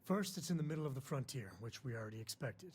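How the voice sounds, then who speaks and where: An actor playing a male companion in a space game, speaking calmly and plainly. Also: medium pitch, fast talker, background noise, close to an everyday voice. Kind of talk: video game dialogue. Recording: game audio under music.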